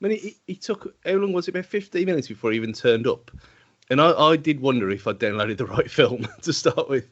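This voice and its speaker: A man's voice: mid-range voice, lively intonation, quick pace, fairly bright tone. A man co-hosting a podcast, chatting about a film in a rambling, hesitant way and laughing often. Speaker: podcast co-host. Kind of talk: casual film-review chat. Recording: dull lo-fi podcast audio.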